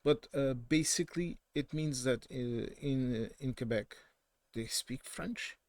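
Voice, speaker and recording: A man's voice: mid-range voice, a little slow, a little mellow, no room sound. Portuguese man giving opinionated commentary. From southern Portugal. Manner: opinionated, digressive, frequent self-corrections. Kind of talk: casual political commentary.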